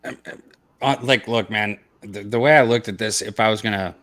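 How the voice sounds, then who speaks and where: A man's voice: on the low side, brisk, a bit bright, no echo. A man co-hosting a casual sports betting show, blunt and swearing, with hesitant fillers. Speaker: co-host. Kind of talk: casual podcast chat.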